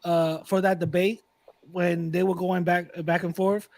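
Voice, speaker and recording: A man's voice: sits high, little pitch movement, a little slow, darkish tone, dry recording. A young man guesting on a casual debate chat, hesitant and repetitive, with laid-back slang.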